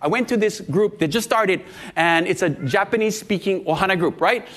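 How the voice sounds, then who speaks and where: Middle-aged pastor, sermon delivery, high voice, animated storyteller. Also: male voice, fairly quick.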